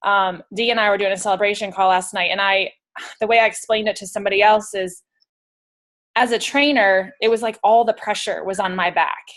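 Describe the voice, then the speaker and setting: A woman's voice: medium pitch, fairly even intonation, fairly quick, a bit bright. A woman health coach and former trainer giving a thoughtful, casual explanation.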